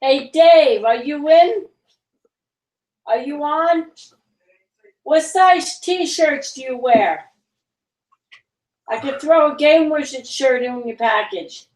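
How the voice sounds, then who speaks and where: A blunt, teasing woman speaks slowly in a high voice from an echoey room. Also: darkish tone. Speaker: stream co-host, host's mother.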